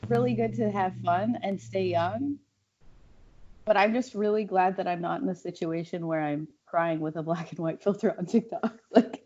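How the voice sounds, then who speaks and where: A woman comedian with a noticeable lisp trades wry, self-mocking remarks in a relaxed podcast chat. Her voice sits at an ordinary middle pitch. The recording sounds a little dull and lo-fi. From Los Angeles. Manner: wry, self-deprecating, laughs easily. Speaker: stand-up comedian guest.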